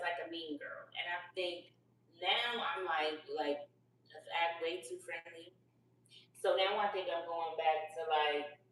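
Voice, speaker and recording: A woman from Liberia chats frankly and turns now and then to talk straight to the viewers. Her voice sits a little low. She is far from the microphone in a room full of echo. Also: a bit bright, slight background noise. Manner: frank, chatty, addresses viewers directly. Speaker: guest poet. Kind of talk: casual couch chat. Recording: very echoey room, distant mic.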